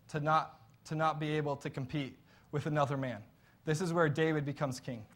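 A man preaching a sermon in an earnest, conversational storytelling way. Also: fairly high pitch.

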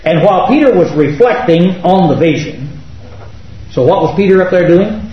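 High-voiced guy teaching bible study, keeps asking the class questions, sounds far from the mic, kinda muffled. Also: expressive, moderate pace, heavy reverb. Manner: emphatic, asks the class rhetorical questions.

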